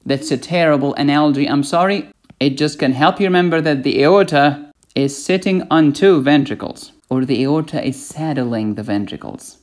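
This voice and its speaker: A man's voice: on the high side, normal speed, darkish tone. A man giving a playful medical lecture, asking questions and answering them himself. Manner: playful, asks and answers his own questions.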